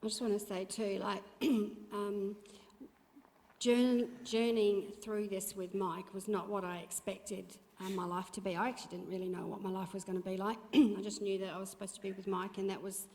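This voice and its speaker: A woman's voice: medium pitch, little pitch movement, normal speed, a little mellow. A middle-aged woman sharing a heartfelt, chatty testimony from a church stage. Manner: chatty, heartfelt storytelling with fillers. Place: church auditorium. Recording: long reverb of a church hall.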